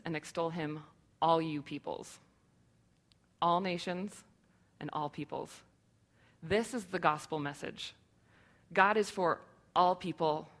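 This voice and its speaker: A woman's voice: lowish voice, a bit bright. A woman in her thirties giving a sermon to her church, earnest and conversational, with many rhetorical questions. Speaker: church speaker.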